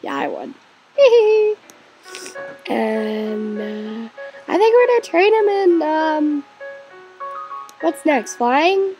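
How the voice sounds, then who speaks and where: Woman let's-play host: high voice, bouncy pitch, unhurried delivery, excitable cheering, occasional whispers. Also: muffled recording, soft background music. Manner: chatty and excitable, cheering on her game character; drops into whispers now and then. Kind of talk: gaming commentary.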